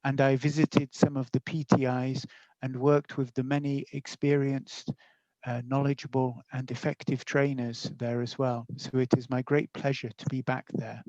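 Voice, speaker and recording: Teacher educator, male, steady friendly webinar delivery; dry, slightly dull call audio. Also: medium pitch, no echo. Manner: friendly, measured lecturing with fillers. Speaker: guest speaker, teacher educator. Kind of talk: webinar talk. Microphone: video call.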